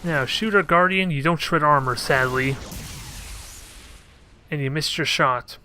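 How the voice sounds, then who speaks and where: Bright-voiced man thinking aloud. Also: fairly high pitch, unhurried, a little hiss or hum. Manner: thinks aloud, joking asides to his units. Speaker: gameplay commentator. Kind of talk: casual let's play commentary.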